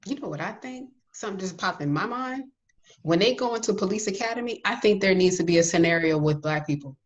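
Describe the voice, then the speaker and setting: A woman's voice: medium pitch, lively intonation, quick pace, lo-fi sound. A woman co-hosting a casual podcast chat, speaking emphatically and cutting in with firm opinions. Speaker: podcast co-host.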